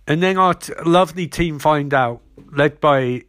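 A man sardonically recapping an episode, rambling and switching between quick character voices. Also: a little high, a bit bright, no room sound, studio quality.

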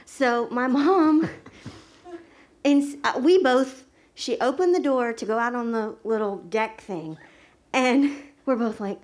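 A woman's voice: fairly high pitch, slow, darkish tone. A woman telling a childhood story to a group, laughing often as she talks.

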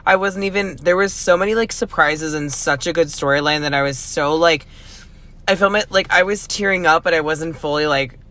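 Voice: mid-range voice, moderate pace, sharp tone. A young adult co-host gushing casually about a film, with lots of fillers and restarts. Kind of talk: casual movie review chat.

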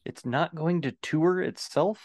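A man's voice: a little high, a little slow, darkish tone, no echo. A man playing in an improv comedy game, tossing out dry, wry quips. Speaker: player in a comedy game show. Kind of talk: improv banter.

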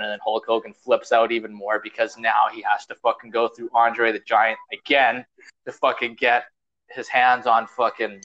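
On dull-sounding audio, a young podcast host with a mid-range, slightly bright voice chats loosely, rambling along with frequent cursing and plenty of fillers.

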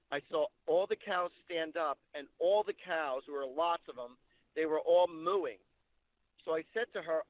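A man's voice: fairly high pitch, no echo. A man working as a psychic medium, telling stories in an interview and acting out the people he quotes. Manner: animated anecdotal storytelling, acts out quotes. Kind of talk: storytelling interview. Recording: tinny phone-like line.

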